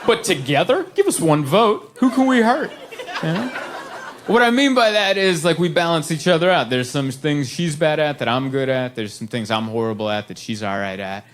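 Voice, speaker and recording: A man performing a stand-up comedy set on a club stage, telling stories animatedly and putting on high voices for his wife. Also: animated, normal speed. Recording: live club recording with crowd noise.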